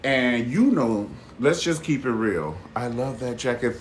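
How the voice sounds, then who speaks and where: A man hosting a casual live chat stream with viewers. He talks in a sassy, expressive way, calls people honey and baby, swears freely and laughs loudly. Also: medium pitch, measured pace, slight background noise.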